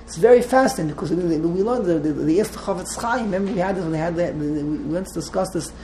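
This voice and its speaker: A man's voice: sits high, fast talker, warm tone, slight background noise, low-quality recording. A man teaching a text class to a small group, wandering off into side stories and restarting his sentences often. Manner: digressive, restarts often, mixes Hebrew terms.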